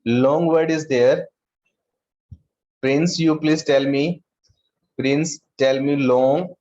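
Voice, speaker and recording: Indian English teacher, slow and repeating. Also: male voice, a little high, fairly even intonation, darkish tone, muffled recording, a little hiss or hum. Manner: slow, repeats words and calls on students by name. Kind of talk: online class lesson.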